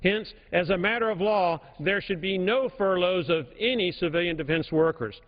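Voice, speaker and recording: Emphatic high-voiced congressman in an echoing chamber. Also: normal speed. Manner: emphatic, repeats key points for stress. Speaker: congressman giving a floor speech. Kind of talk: formal floor speech. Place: large legislative chamber. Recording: reverberant chamber, dull broadcast audio.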